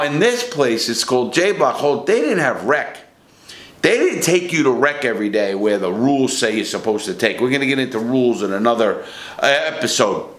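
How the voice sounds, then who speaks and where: A middle-aged man telling prison stories in a blunt, rough-edged way, swearing freely and circling back on himself mid-sentence. His voice sits at an ordinary pitch for a man. The sound carries a noticeable room echo. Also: a bit bright. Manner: blunt, profane, rambling with restarts. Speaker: ex-prisoner storyteller. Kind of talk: casual first-person storytelling. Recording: echoey room.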